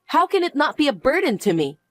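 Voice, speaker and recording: A woman's voice: high-pitched, big pitch swings, brisk, dry recording, soft background music. A woman voicing a harsh young daughter-in-law, scornful and impatient, in a narrated family drama.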